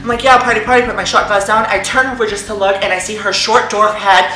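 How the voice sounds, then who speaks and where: A woman's voice: mid-range voice, quick pace. A young woman vlogger from Texas telling a dramatic story to camera in a casual chat, acting out the quotes. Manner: animated, dramatic retelling with quoted voices. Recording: echoey room with music behind.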